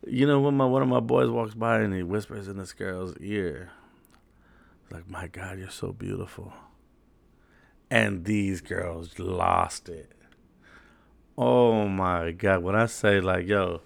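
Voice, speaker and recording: Man, very gravelly voice, fairly low, laid-back slangy rambling, dry close mic. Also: no room sound. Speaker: host. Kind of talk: casual storytelling monologue.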